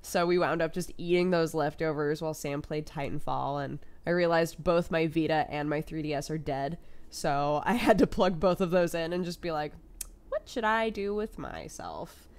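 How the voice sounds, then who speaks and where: A young woman vlogging casually, telling everyday stories and acting out what people said. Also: normal speed. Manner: animated, acts out quoted voices with big pitch jumps and laughs. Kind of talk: casual storytelling to camera.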